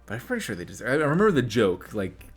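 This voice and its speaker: A man hosting an anime reaction video, talking in a rambling, excitable way with many restarts. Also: mid-range voice, fast, husky, soft background music. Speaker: reaction channel host. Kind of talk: casual anime reaction commentary. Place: home room lit by reaction lamps.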